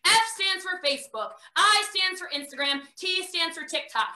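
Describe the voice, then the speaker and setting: A high-pitched, very bright American woman in her thirties, talking fast and bossy as she coaches her viewers through a live training. She jokes as she goes. Her voice rings around a roomy space. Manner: fast, energetic, bossy, joking. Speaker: network marketing trainer. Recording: roomy echo.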